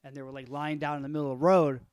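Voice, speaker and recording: Podcast dude rambling thru a story, swears a lot, slightly high voice, a little cough, dry mic. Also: male voice, little pitch movement, rapid-fire, darkish tone, clean tone, no echo. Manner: loose, rambling, profane storyteller. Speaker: podcast co-host. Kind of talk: casual chat.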